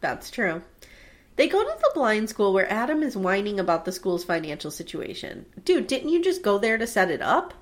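A woman casually co-hosting a podcast, recapping a TV episode with animated storytelling and acted-out quotes. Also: medium pitch, moderate pace. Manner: animated storytelling, acts out quotes, laughs often. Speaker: podcast co-host recapping a TV show. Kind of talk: casual chat.

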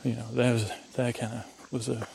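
A man's voice: medium pitch, little pitch movement, normal speed, gravelly, darkish tone, a little hiss or hum. A tired man hosting a podcast, musing in a meandering way while he walks outdoors in the woods. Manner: meandering, musing, full of fillers. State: tired and dehydrated. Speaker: podcast host. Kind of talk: rambling sleep-podcast monologue. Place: outdoors on a woodland walk.

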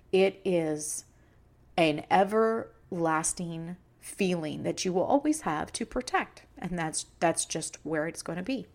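A woman's voice: fairly low pitch, expressive, a little slow, a little mellow. Emotional, earnest woman podcast host. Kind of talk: personal monologue podcast.

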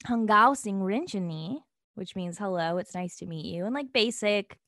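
Woman podcast co-host, casual chat, animated storytelling, dry close sound. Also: medium pitch, moderate pace, no echo. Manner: animated storyteller, laughs through anecdotes.

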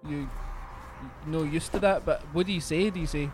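A man co-hosting a podcast, chatty and sweary, quick to laugh in casual talk. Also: a little high, music in the background. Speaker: podcast co-host. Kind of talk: casual chat.

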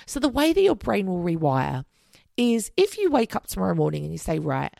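A woman's voice: lowish voice, wildly swooping pitch, a little fast, mellow, no room sound, studio quality. A woman in her thirties hosting a podcast, talking casually and upbeat, swearing now and then and rambling off track. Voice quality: gravelly vocal fry. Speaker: podcast host. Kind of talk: casual solo podcast monologue.

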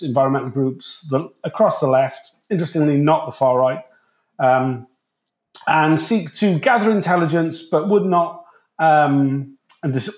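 A man's voice: fairly high pitch, a little mellow, reverberant. A man, a podcast guest, explaining casually with rambling restarts and casual swearing.

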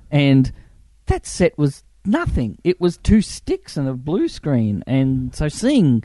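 A middle-aged man spins animated anecdotes, acting out the people he quotes. His voice sits mellow and dark, and the recording is dry and close. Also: on the high side, unhurried, few pauses, no echo. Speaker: film crew member, guest. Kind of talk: casual interview storytelling.

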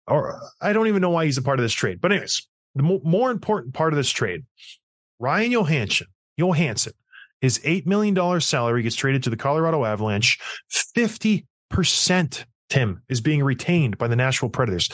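A man co-hosting a casual hockey podcast, telling stories in an animated, ranting way. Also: on the high side, brisk, dry recording, clean studio sound. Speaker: podcast co-host.

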